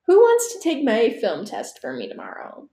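A woman's voice: a little high, huge pitch swings, moderate pace, mellow. A teenage girl chatting casually on her own, rambling and swearing with laughing asides. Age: teens. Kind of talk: casual solo chat. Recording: echoey room.

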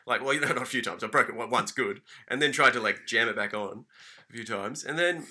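A man co-hosting a casual podcast, telling a story in an animated, sweary, mock-furious rant. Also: medium pitch, brisk, slightly rough. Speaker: podcast co-host.

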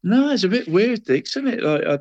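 A man's voice: high voice, big pitch swings, brisk, a little mellow, lo-fi sound. A man co-hosting a casual football podcast, chatty and calling his partner mate in every sentence. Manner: chatty, peppers talk with "mate" and the co-host's name. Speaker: co-host.

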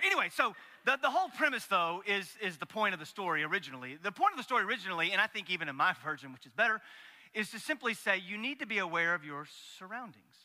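A man's voice: sits high, sharp tone. A man preaching a sermon as pastor, folksy and joking, with asides to the congregation. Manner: folksy and joking, acts out story voices. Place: church sanctuary. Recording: long hall reverb.

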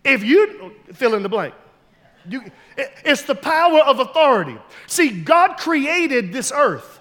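A male pastor preaching a sermon, telling stories and building to loud, emphatic shouts. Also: extremely high pitch, sing-song, measured pace, big-room sound.

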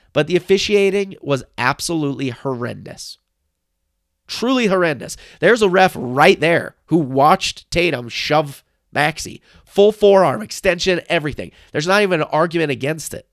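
A young man hosts a solo sports podcast, talking through a playoff game as an excitable, emphatic fan. His voice sits a little high with a gravelly fry. The recording is dry and close to the mic. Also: moderate pace, dry recording. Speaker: podcast host.

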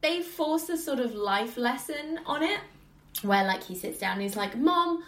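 A woman talks casually about a movie in an echoey room, her voice sitting on the higher side. She is animated and laughs a lot, slipping into quick impressions of the characters. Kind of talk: casual film review chat.

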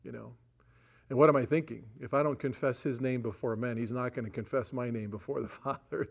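A man's voice: medium pitch, fairly even intonation, fairly quick, gravelly. A middle-aged man, a pastor, telling stories in a folksy, chatty sermon with frequent asides to the congregation. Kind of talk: sermon storytelling.

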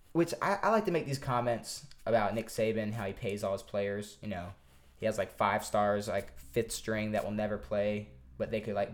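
A man co-hosting a podcast, telling a story in a profane, animated way with lots of stammers and restarts. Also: fairly low pitch. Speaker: podcast co-host. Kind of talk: casual storytelling chat.

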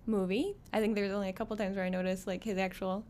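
A woman's voice: mid-range voice, little pitch movement, quick pace, darkish tone, slight background noise. A woman co-hosting a podcast, chatting casually in an easygoing way and giggling often. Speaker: podcast co-host. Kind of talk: casual chat.

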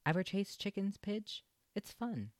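A man's voice: high voice, big pitch swings, a little slow, dry recording, studio quality, pitched above the performer's own voice. A man voicing a carefree, roguish male stray dog in a storybook, talking breezily and coaxingly. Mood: excited.

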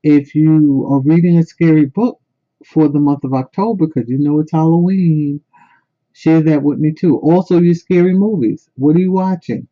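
A man's voice: on the high side, moderate pace. A man chatting as a book blogger in a casual book and movie review, emphatic and repeating phrases for stress. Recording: tinny phone-like sound.

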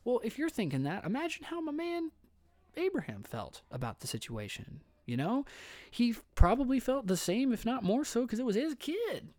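A man's voice: extremely high pitch, sing-song, moderate pace, a little mellow, dry recording. Chatty man retelling a Bible story. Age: adult father. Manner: chatty, laughs often, restarts sentences. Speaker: podcast host. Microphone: studio microphone.

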